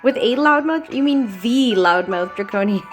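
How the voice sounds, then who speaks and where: A woman's voice: on the high side, unhurried, over music. A woman giving casual, giggly commentary while playing a game, gushing over how cute it is. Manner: giggly, gushing, excitable reactions. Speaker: gaming video creator.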